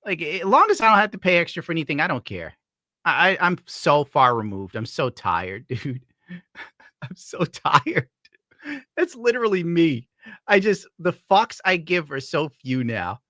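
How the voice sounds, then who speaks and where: A man's voice: fairly high pitch, sing-song, normal speed, pushed and bright, no room sound, studio quality. A man from upstate New York giving crude, sarcastic commentary while browsing, laughing often. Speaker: streamer host.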